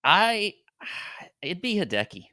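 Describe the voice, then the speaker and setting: A man's voice: sits high, very animated, takes it slowly, pushed and bright, dry recording, clean studio sound. A man co-hosting a podcast, chatting casually, rambling and laughing often. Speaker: podcast co-host. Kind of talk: casual chat.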